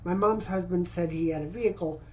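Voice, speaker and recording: A man's voice: high-pitched, a little fast, dark tone, muffled recording, a little hiss or hum. A man in his fifties from Indiana, stammering and repeating words as he pleads for help indoors in a cluttered house. He sounds distressed and overwhelmed. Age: 50s. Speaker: vlogger asking for help. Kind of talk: unscripted personal appeal.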